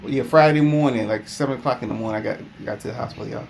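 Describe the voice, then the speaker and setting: A man's voice: medium pitch, quick pace, creaky, darkish tone. A man speaking casually to camera, rambling through a personal story and calling out to viewers as "y'all". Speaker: vlogger.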